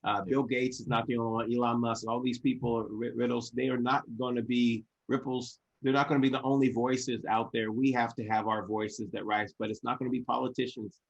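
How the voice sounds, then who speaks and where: A man's voice: mid-range voice, flat delivery, fairly quick, vocal fry, hardly any pauses, lo-fi sound. A man hosting an online business event, heaping praise and blessings on his guest in a fervent motivational style, often restarting and repeating his phrases. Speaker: host.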